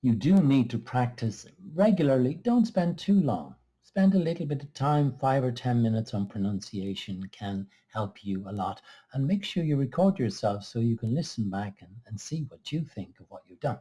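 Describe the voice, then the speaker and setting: A man teaching English pronunciation, explaining exercises in a slow, careful, measured way. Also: mid-range voice, animated, mellow, slightly rough. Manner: slow, careful, measured delivery with small restarts. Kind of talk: scripted lesson explanation.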